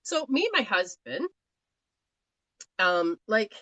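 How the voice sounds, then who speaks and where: A woman's voice: medium pitch, sing-song, slow pace, a bit bright, dry recording, low-quality recording. Chatty Australian woman healer, dry sound. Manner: chatty, rambling, laughs often. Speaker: healer giving live readings. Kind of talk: live-stream talk.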